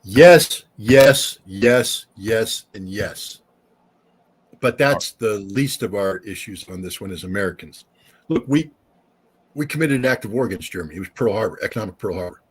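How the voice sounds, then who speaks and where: Husky, emphatic middle-aged man. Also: lowish voice, quick pace. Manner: emphatic, animated storyteller. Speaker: guest, former weapons inspector. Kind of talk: casual interview chat.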